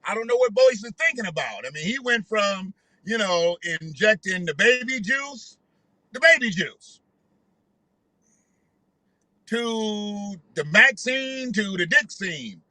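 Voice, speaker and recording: A man's voice: sits high, expressive, unhurried, sharp tone, no room sound, rough recording. A man hosting a casual reaction commentary, joking and talking loosely with some profanity. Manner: laughing, joking, loose and profane street talk. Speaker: commentary vlog host.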